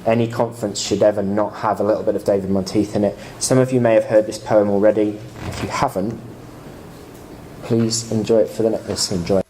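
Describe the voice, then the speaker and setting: Man with a lowish voice giving a conference talk, earnest and steady. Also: brisk, a little hiss or hum, rough recording. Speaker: conference speaker introducing a poet.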